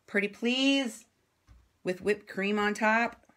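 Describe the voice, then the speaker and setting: A woman journalist giving impassioned commentary in response to viewer comments, assertive and sarcastic, swinging between loud outbursts and low asides. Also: takes it slowly. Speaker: independent journalist and vlogger.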